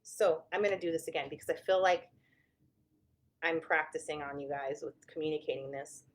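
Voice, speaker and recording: A woman's voice: sits low, flat delivery, a little fast. A woman therapist explaining to viewers in a casual, candid, conversational way, often correcting herself mid-sentence.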